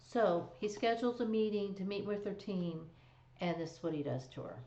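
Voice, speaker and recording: A woman's voice: mid-range voice, normal speed, dark tone. A woman hosting a live stream, recapping a drama in casual chat with fillers and laughs. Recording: echoey, dull lo-fi stream audio.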